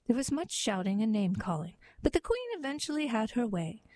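Casting: woman reader, measured storybook narration, slightly high voice. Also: very animated, warm tone, low-quality recording. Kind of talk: storybook and poetry reading.

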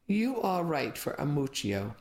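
A woman voicing an elderly, sharp-tongued Italian immigrant woman who speaks curt, broken English with an Italian accent, in a storybook reading. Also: low voice, very animated, a little slow.

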